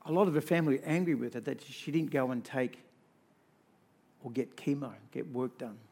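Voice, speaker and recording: A male pastor preaches to a congregation in a medium-pitched, brisk voice that's creaky with a breathy edge. He moves between soft storytelling and loud, rousing exhortation, emphatically building on repeated lists.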